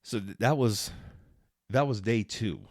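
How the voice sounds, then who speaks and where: In a clean, dry studio recording, a middle-aged man from Arizona hosts his vlog at a measured pace, his voice on the low side. Chatty and quick to laugh, he tells a casual story full of swearing and restarted sentences.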